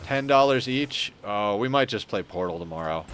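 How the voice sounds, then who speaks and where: A man's voice: on the low side, lively intonation, normal speed, a bit bright, a little hiss or hum. Chatty man streaming a game. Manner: chatty, talks to chat, thinks aloud. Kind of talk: casual gameplay commentary.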